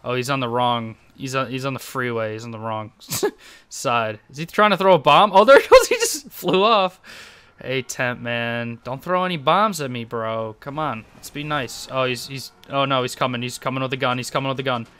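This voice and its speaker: A young man giving casual, excitable commentary over his own gameplay, laughing often and talking to himself. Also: mid-range voice, normal speed, smooth, dry recording. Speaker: gaming YouTuber.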